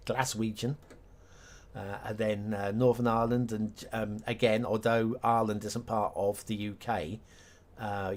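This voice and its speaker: A middle-aged Englishman talks on a live stream in a low voice. He takes his time, drifting between thoughts in a rambling, self-mocking way. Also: slight background noise. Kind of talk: casual live-stream chat.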